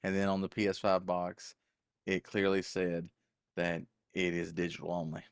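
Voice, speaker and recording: An older man co-hosting a casual podcast with a low voice. He jokes in a folksy way and talks straight to his chat. The recording is dry and close. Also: little pitch movement, normal speed, smooth, no room sound. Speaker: co-host.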